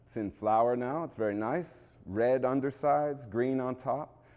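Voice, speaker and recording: A man speaks in a gentle, measured way, explaining things like an instructor at a demonstration. His voice is mid-pitched and carries a long reverb tail, as if he were recording in a large room. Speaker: bonsai instructor.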